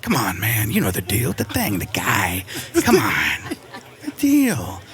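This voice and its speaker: A man's voice: on the low side, wildly swooping pitch, unhurried, fairly bright tone, soft background music, voice pushed down, full character voice. A man putting on a nasal older male politician who mutters vague, trailing half-sentences. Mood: mumbling. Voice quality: nasal, pinched.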